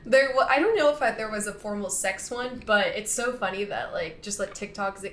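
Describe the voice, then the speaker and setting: A woman's voice: mid-range voice, animated, moderate pace, fairly bright tone, a little hiss or hum. A young woman hosting a podcast, chatting in a giggly way with lots of fillers. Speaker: podcast host. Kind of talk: casual chat. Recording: roomy echoey room.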